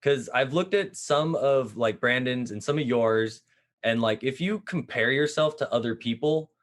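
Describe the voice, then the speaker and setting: A man speaking as an interview guest, talking casually and relaxed, with many fillers. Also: mid-range voice, moderate pace.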